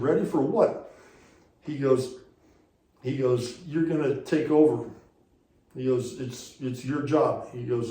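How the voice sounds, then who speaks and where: A man with a mellow, darker voice tells a story from his racing career, rambling and looping back with repeated "he goes". He sounds set back from the mic in a roomy space with some echo. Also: medium pitch, recorded from a distance. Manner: rambling, repeats "he goes" while retelling conversations. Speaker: interview guest, former racing series director. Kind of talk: casual storytelling.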